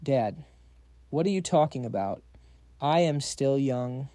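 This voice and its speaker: A man's voice: mid-range voice, lively intonation, slow pace, mellow, no room sound. A man voicing a young rich daughter who is cute, pushy and teasing. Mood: pleading. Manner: pleading and teasing.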